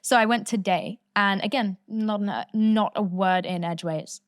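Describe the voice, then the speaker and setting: A woman's voice: medium pitch, normal speed, smooth, no room sound, studio quality. A woman in her twenties hosting a podcast, talking candidly and casually, swearing freely and laughing often. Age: 20s. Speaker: podcast host.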